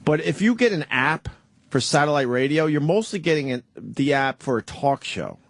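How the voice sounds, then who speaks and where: A man's voice: a little high, lively intonation, moderate pace, dry recording. A man hosting a radio talk show, chatting casually in the studio and ranting profanely about everyday annoyances. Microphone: studio microphone.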